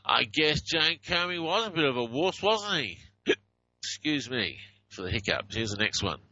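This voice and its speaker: A man's voice: a little high, sing-song, normal speed, sharp tone, no room sound, lo-fi sound. A man hosting a radio show, commenting wryly on audio clips and apologizing to listeners for his hiccups. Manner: chatty and wry, reads out phone numbers, apologizes to listeners. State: has the hiccups.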